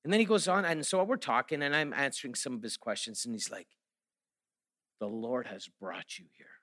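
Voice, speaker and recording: A man's voice: mid-range voice, normal speed, a bit bright. A middle-aged man giving a sermon, telling stories and then rising to emphatic preaching. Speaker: guest speaker.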